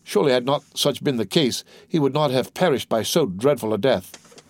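A man voicing a calm, grave priest who speaks in a measured, formal way. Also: mid-range voice. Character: calm, secretly shaken priest. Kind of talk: audiobook character reading.

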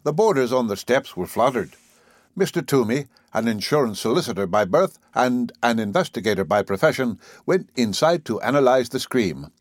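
A male audiobook narrator reads in a measured, wry way at a middling pitch. The recording is close and dry, with no room sound. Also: sing-song, no echo. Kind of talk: scripted narration.

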